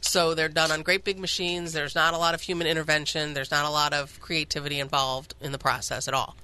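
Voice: mid-range voice, little pitch movement, brisk, pushed and bright, smooth. An ice cream shop owner talking enthusiastically as a guest on a radio show, with many fillers. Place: radio studio.

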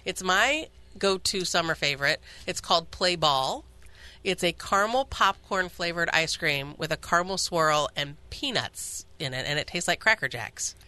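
Shop owner guest in a radio studio, upbeat and chatty, bright and tense tone. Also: medium pitch, animated, moderate pace, smooth, no room sound. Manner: chatty, enthusiastic, many fillers. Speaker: ice cream shop owner.

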